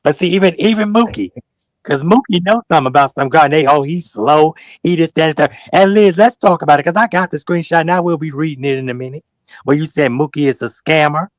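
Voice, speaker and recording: On a livestream talk show, a male guest with a slightly high voice talks fast in a heated call-out, preaching emphatically and repeating his points. His slangy, animated storytelling includes mock quotes acting out what others said, and the recording has no room sound.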